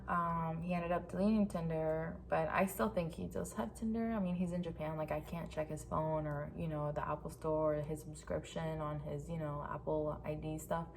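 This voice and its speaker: A woman's voice: on the low side, gravelly, a little mellow, a little hiss or hum. A young woman telling a personal story to her camera in a rambling, frank, profane way, filling her talk with "like". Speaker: vlogger. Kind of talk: casual storytime vent.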